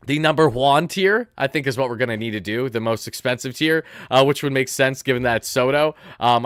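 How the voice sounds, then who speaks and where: A man in his twenties talking earnestly on a casual sports livestream. His voice is smooth and clear at a middle pitch. The sound is dry and close, with no room around it. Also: a bit bright, no echo. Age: 20s. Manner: earnest and emotional, reading out viewer donations. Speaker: livestream host.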